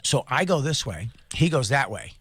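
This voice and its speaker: A man, co-hosting a radio talk show, animated and profane, acting out other people as he tells a story. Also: mid-range voice, moderate pace, slightly rough. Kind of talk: casual storytelling banter. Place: radio studio.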